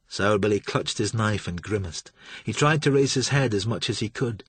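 Male narrator, husky, mid-pitch, measured reading, dry booth. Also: lively intonation, no echo. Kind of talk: audiobook narration.

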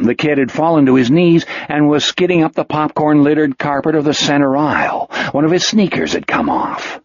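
A man narrating an audiobook in an expressive, vivid storytelling manner. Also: a little high, husky, no room sound. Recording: dull lo-fi dry recording.

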